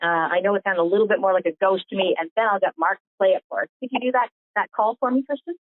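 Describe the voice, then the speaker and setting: A woman's voice: mid-range voice, rapid-fire, dry recording. A woman hosting a conference call, upbeat and conversational. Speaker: host. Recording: tinny phone line, dry.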